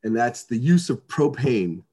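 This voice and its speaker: A man's voice: mid-range voice, sing-song, a little slow, mellow, slightly rough. A man telling a long story in casual chat, rambling with many restarts, fillers and swear words.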